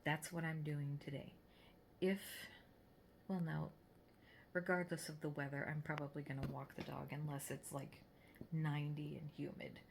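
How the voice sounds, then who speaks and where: A middle-aged woman chatting casually to her phone in a vlog, rambling with many pauses and fillers. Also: low-pitched, little pitch movement, gravelly, a little hiss or hum. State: out of breath. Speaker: vlogger.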